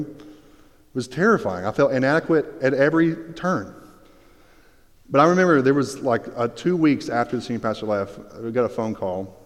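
Man preaching in an echoing hall. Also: on the low side. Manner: animated storyteller, swings between hushed and excited. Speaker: pastor. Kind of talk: sermon with personal story. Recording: long reverb of a large hall.

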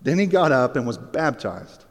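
A man preaching a sermon as pastor, telling the scene with lively, acted-out storytelling. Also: medium pitch, normal speed. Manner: animated storytelling, acts out Bible scenes. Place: church sanctuary. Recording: long reverb of a hall.

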